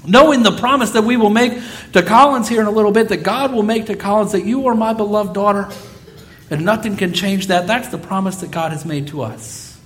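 A man preaching a sermon as pastor, telling stories with lively, acted-out quotes. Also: high-pitched, fairly quick. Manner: animated storytelling, acting out quoted voices.

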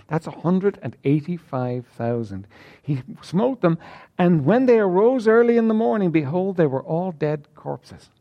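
A man's voice: lively intonation, normal speed. Man preaching over dull lo-fi sound. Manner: reads King James scripture then paraphrases it in plain talk; preaching, rising high and emphatic at points. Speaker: pastor. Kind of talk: sermon.

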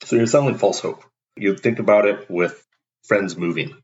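Speaking at normal speed, a deep-voiced male host delivers blunt, forceful motivation, dramatizing little everyday conversations to drive his points home. The audio is dull and lo-fi.

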